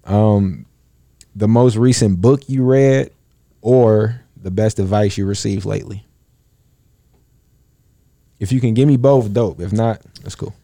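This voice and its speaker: Gravelly-voiced man hosting a laid-back chat. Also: fairly low pitch, measured pace, long pauses, mellow, dry recording, clean studio sound. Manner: laid-back slangy, laughs often. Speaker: host asking rapid-fire questions. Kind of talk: casual chat.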